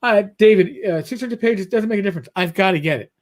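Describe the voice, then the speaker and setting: Host, male, New York accent, fairly high pitch, loose rambling delivery. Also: quick pace. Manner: rambling, repeats words while talking. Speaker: podcast host. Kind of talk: casual livestream chat.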